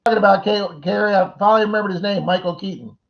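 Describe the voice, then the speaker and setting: A middle-aged man hosts a casual livestream chat with a fairly high voice for a man. He greets viewers by name and wanders through jokey, rambling asides. The stream audio sounds dull and lo-fi. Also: steady tone, very fast, gravelly. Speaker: livestream host.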